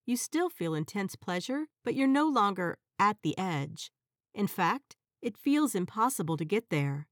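A woman narrating an erotic audio story in a soft, even, intimate storytelling voice. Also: medium pitch, a little slow, no room sound, clean studio sound.

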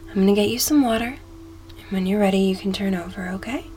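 Whispered role-play: woman as a soft, teasing masseuse, faint music behind. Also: mid-range voice, fast talker. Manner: soft, doting, teasing with frequent giggles. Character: affectionate flirty female masseuse. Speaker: masseuse character.

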